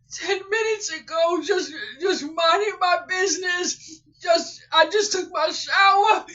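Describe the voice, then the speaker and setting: A woman who runs a small online shop is speaking in an emotional vlog at home while crying. She repeats exclamations and swings between sobbing outbursts and hushed murmurs. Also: very high-pitched. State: tearful, crying. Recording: dull lo-fi recording.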